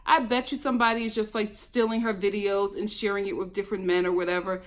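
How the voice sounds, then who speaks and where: A woman giving a casual, animated commentary review of a reality show, chatting straight to her viewers. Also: mid-range voice, fast. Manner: animated, chatty, exclamatory, addresses viewers as y'all.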